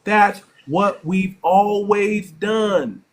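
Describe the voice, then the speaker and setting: A man with a high-set voice argues on a live stream, forceful and insistent. He repeats himself and talks over others as he presses his point. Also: very slow. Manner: forceful, repeats words, interrupts. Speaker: host. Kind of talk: heated live stream debate.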